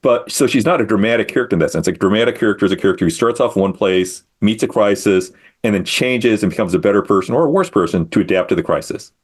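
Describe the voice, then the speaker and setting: A man's voice: on the low side, lively intonation, fast, few pauses, husky. A middle-aged man, a comic creator, talking casually as a guest in an interview, thoughtful and self-deprecating as he explains his work.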